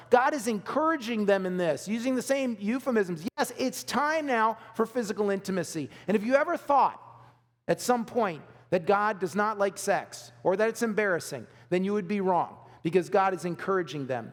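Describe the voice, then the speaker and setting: A man's voice: very high voice, animated, moderate pace. A man preaching a sermon as pastor, conversational, reading scripture aloud and checking in with the congregation. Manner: conversational, reads scripture aloud, asks the audience "okay?". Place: church hall. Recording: long hall reverb.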